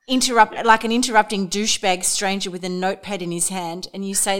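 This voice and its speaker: A woman hosting a podcast interview, warmly enthusiastic as she retells her guest's anecdotes. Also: mid-range voice, steady tone, fast talker, few pauses. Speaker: podcast host. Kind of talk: casual interview.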